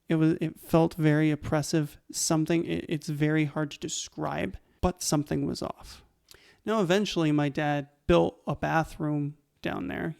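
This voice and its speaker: A young adult man telling his own stories in a casual, animated way as a channel host. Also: on the high side, gravelly, smooth. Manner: animated, conversational, laughs between lines. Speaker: YouTube host. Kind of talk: casual storytelling to camera.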